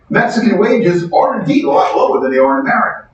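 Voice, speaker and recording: Animated lecturer in an echoey hall. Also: male voice, high voice, quick pace. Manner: animated, conversational, asks the class questions. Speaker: economics lecturer. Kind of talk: university lecture. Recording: distant echoey hall, dull sound.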